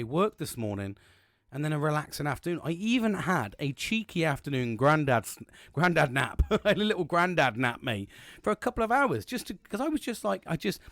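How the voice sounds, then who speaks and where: There's no room sound on this recording of a solo podcast host whose voice is fairly high and a bit bright. Blunt and candid, he rambles casually, curses freely and frequently starts his sentences over.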